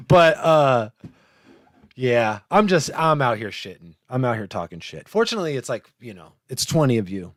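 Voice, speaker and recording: A man's voice: a little high, big pitch swings, normal speed, no room sound, studio quality. A man hosting a live podcast, chatting casually, laughing often and swearing a lot. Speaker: podcast host.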